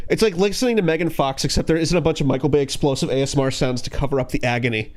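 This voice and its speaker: A man giving sarcastic reaction commentary, mocking and exasperated, sometimes bursting into shouts. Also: on the high side, rapid-fire, hardly any pauses.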